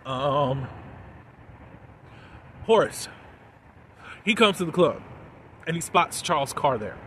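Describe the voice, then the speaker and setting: A man casually recapping a TV episode in a chatty, chuckling way, softening the swear words as he goes. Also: fairly high pitch, lively intonation, slow pace, a little hiss or hum, rough recording. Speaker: TV episode reviewer.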